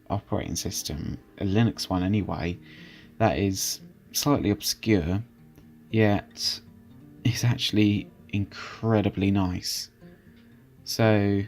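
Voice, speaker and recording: A young man with a lowish voice talks casually through a screen recording. He is chatty and easygoing, often hesitating and restarting his sentences. Faint music plays underneath. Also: a little mellow. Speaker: channel host reviewing software.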